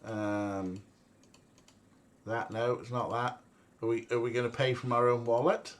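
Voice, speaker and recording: A man's voice: mid-range voice, fairly even intonation, unhurried. A young man casually commentating a game, rambling and joking and laughing often. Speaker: let's play streamer.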